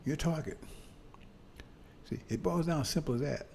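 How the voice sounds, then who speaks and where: A preacher with a mellow, warm, slightly high voice and some vocal fry delivers a loose, conversational sermon over a faint ambient hum. He repeatedly asks the congregation "see?" and restarts phrases haltingly before pressing points in bursts of emphasis.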